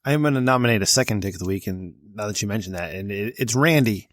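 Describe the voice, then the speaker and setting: A man's voice: on the low side, expressive, fast, no room sound. A man co-hosting a comedy podcast, brash and profane, ribbing his co-host. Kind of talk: casual comedic chat.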